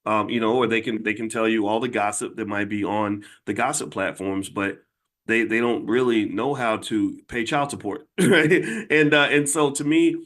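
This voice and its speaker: A middle-aged man, a channel host and finance educator, speaks straight to viewers in an earnest, conversational monologue, often repeating and restarting phrases. His voice is on the low side, a bit bright, at a moderate pace.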